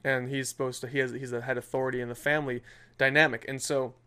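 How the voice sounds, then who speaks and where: A young man in his twenties, co-hosting a casual faith podcast, chatting and telling animated stories with many fillers. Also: mid-range voice, fast, clean tone. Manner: animated storytelling with lots of filler. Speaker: podcast co-host. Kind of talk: casual chat.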